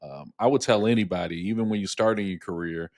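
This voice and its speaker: Low-voiced man telling stories in a podcast chat. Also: fast talker, dry recording, studio quality. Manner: rambling storyteller who repeats words and fills with "you know". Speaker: podcast co-host. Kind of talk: casual podcast conversation.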